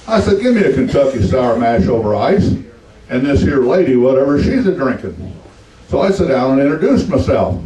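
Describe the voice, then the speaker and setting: A man's voice: mid-range voice, big pitch swings, a little fast, mellow, roomy sound, distant mic, rough recording. A man in his seventies with a Texan accent, doing stand-up and telling folksy stories in a drawl, voicing the people in them. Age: 70s. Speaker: stand-up comedian. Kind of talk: stand-up storytelling.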